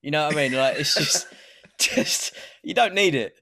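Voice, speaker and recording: A man's voice: fairly high pitch, expressive, normal speed, sharp tone, no echo. British man bantering, dry close sound. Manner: joking, teasing, laid-back. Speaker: podcast co-host. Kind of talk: casual banter.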